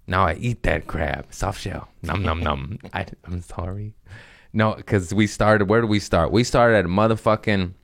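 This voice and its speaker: Animated, low-voiced man riffing on a podcast. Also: creaky, dry recording, studio quality. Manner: joking, profane, self-mocking, laughs often. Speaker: podcast host. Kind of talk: rambling comedic podcast monologue. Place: his apartment.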